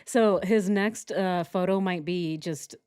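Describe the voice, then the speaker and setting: Sarcastic and giggly, this young true crime streamer talks to her chat as she reacts during a casual stream. She speaks slowly, with a fairly low pitch and a clear, resonant, slightly mellow tone.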